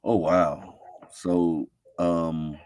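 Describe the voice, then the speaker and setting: A man's voice: low-pitched, little pitch movement, very slow, darkish tone, smooth. A man, a podcast guest talking in an easygoing, instructive way. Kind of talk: casual podcast chat. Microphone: remote live-stream call.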